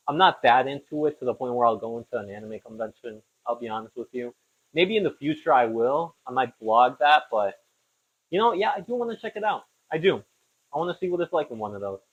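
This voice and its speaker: A man's voice: medium pitch, slightly rough. A young man hosting a podcast, chatting casually and rambling with self-deprecating asides while he cooks in a home kitchen. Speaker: podcast host. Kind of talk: casual chat while cooking. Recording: slightly dull lo-fi audio.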